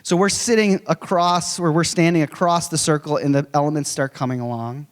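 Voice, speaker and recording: A man in his forties, giving a conference lecture in a conversational, animated way with humorous storytelling. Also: fairly high pitch, fairly quick. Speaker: conference speaker. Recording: long reverb of a large hall.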